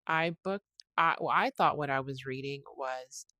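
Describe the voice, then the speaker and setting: A woman's voice: a bass voice, normal speed, pushed and bright, no echo. A woman hosting her own podcast, talking casually and telling a long story with many restarts. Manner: rambling, restarts sentences, retells phone calls. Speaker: podcast host. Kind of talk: casual solo podcast monologue.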